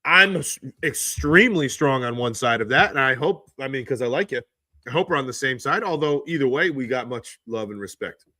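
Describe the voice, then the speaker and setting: A man's voice: expressive, a little fast, bright, forceful tone, dry recording, clean studio sound. Indignant man ranting on a phone stream. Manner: exasperated ranting, rises sharply in pitch when indignant. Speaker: livestream host. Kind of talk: casual live-stream commentary. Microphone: handheld phone.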